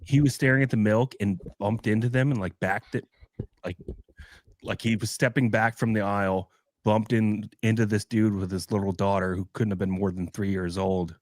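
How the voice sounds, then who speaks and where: A man's voice: lowish voice, steady tone, normal speed, darkish tone, dry recording, clean studio sound. A man co-hosting a podcast in casual chat, a laid-back storyteller who acts out the people in his stories. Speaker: podcast co-host.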